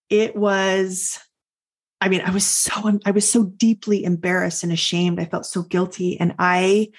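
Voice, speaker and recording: A middle-aged woman hosting a podcast, telling an earnest personal story in a reflective, confessional way and slowing down to stress her points. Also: lowish voice, creaky, darkish tone. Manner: earnest, confessional, slows for emphasis. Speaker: podcast host and coach.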